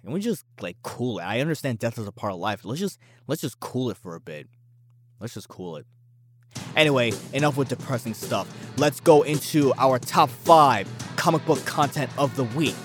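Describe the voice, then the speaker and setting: A man's voice: mid-range voice, expressive, moderate pace, soft background music. A man hosting a solo podcast, rambling loosely, often stumbling over and repeating his words, with casual swearing. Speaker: podcast host.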